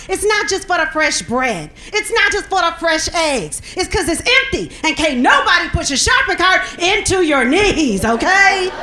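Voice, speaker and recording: A woman's voice: very high voice, pushed and bright. A middle-aged woman doing a stand-up comedy set, sassy and punchy, laughing at her own jokes.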